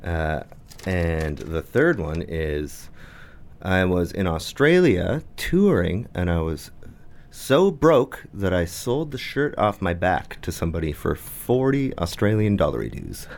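A man's voice: deep voice, big pitch swings, unhurried, creaky, a little mellow, slight background noise. A man, a guest on a chat show, telling stories in a playful, laughing way. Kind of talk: casual chat.

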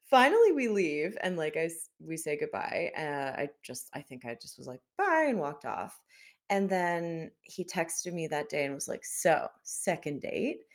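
A woman in casual chat, telling an animated story about a bad date and mimicking the man's lines. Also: deep voice, moderate pace.

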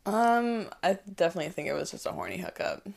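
A woman in her twenties telling a personal story as a podcast guest, chatty and animated, full of fillers. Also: fairly low pitch, fast talker, vocal fry. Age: 20s. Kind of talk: casual storytelling.

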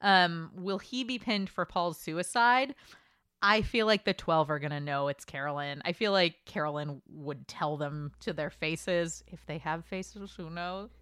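Chatty woman with a smooth low voice. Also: fairly bright tone, no echo, studio quality. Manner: chatty, quick asides, reads listener emails aloud. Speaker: podcast host. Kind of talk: casual podcast chat.

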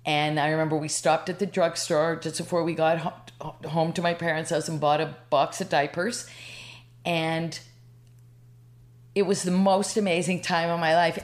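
A woman's voice: low-pitched, steady tone, measured pace. A woman in her sixties from Canada, a podcast guest telling a personal story in a rambling, emotional way. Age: 60s. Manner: rambling, emotional, lots of restarts.

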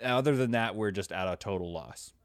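A man's voice: fairly low pitch, a little fast, dry recording. A young man co-hosting a podcast, playfully joking and asking questions. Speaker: podcast co-host. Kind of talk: casual chat.

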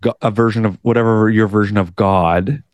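A man co-hosting a comedy podcast, riffing with goofy, deadpan absurd jokes. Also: on the low side, fairly quick, no room sound, highs cut off. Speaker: podcast co-host. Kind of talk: casual comedy banter.

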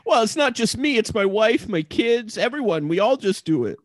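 A man's voice: high-pitched, big pitch swings, moderate pace. A man playing a meek, nervous husband in improv comedy, stammering and eager to please. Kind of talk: improv comedy role-play.

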